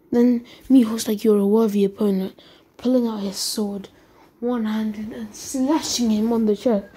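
A woman with a raised, soft and mellow voice tells a homemade fan story in a casual, rambling way. She chains quoted lines together and often sinks into a breathy whisper, over a faint hiss of background noise. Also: a little high.

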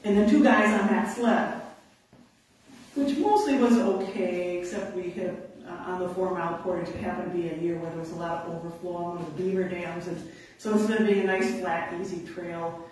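Animated woman telling stories, echoey distant mic. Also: fairly low pitch, moderate pace. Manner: animated, laughing, acts out quotes. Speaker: conservation officer giving a talk. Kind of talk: storytelling to an audience. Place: indoor talk venue.

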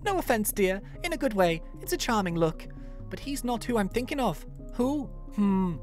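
A woman voicing an elderly, fussy, motherly female spirit bear in a put-on Irish accent, reading game dialogue aloud in a high, fluttery voice and calling the player dear. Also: sing-song, normal speed, a little mellow, soft background music, natural voice. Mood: fussy, doting.

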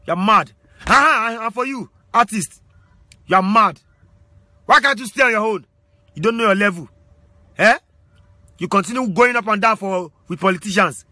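A man, a Yoruba speaker, acting as a mock judge in a comic skit, scolding and shouting insults and commands. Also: high voice, lively intonation, normal speed, long pauses, dry recording. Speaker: comedian playing a judge.

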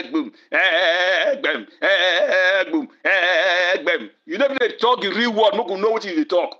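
Ranting Nigerian Pidgin man, high and sharp. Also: muffled recording. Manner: confrontational, taunting and cursing. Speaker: online commentator. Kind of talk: angry video rant.

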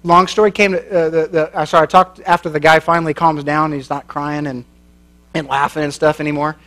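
A man with a rather high voice preaches to a church crowd. He tells his story in a loose, folksy way, cracks jokes and laughs at his own lines. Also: level tone, fairly quick, pushed and bright. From American Midwest. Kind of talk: sermon with storytelling.

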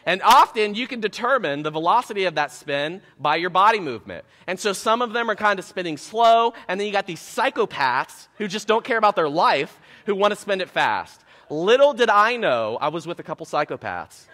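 A man preaching a sermon as pastor, telling a self-mocking story in an animated way before turning to scripture. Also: high voice, brisk, few pauses, in a large hall. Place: church sanctuary.

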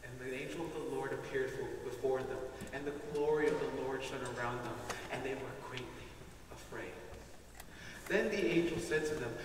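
A man's voice: mid-range voice, moderate pace. A man giving a solemn, proclaiming reading on a church stage. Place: large church hall stage. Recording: echoey hall from far off, faint noise.

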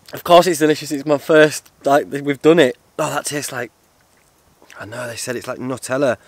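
A man chatting to camera in a casual vlog, excitable and rambling. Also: medium pitch, no room sound. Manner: excitable, rambling, swears and laughs often. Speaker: outdoor vlogger.

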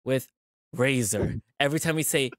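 A man's voice: mid-range voice, normal speed, a bit bright, dry recording, studio quality. A man streaming a game, chatting casually in a rambling way, laughing often and cracking crude jokes. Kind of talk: casual let's-play chat.

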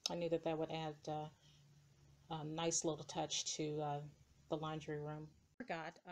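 Low-voiced woman, hesitant show-and-tell. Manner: slow and hesitant, many ums and uhs. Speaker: dollhouse hobbyist showing her builds. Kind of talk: casual show-and-tell narration. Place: indoors beside a dollhouse, camera moved by hand.

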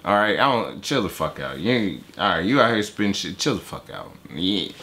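A young man hosting a reaction video, talking in animated, profane, joking banter. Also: low-pitched, a little fast. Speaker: YouTube reaction host. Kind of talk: casual reaction chat.

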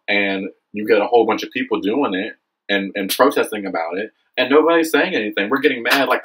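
A young man vlogging an impassioned monologue to camera, earnest and preachy, often asking "okay?" and "you know what I mean?", his voice jumping higher when he gets fired up. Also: quick pace, breathy edge, rough recording. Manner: animated, swings high when excited.

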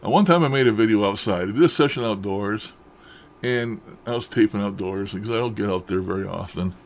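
A man's voice: on the low side, a little fast. A man chatting casually to camera at home about odd happenings. He speaks in a rambling, folksy way with loose grammar and frequent chuckles. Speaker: paranormal vlogger.

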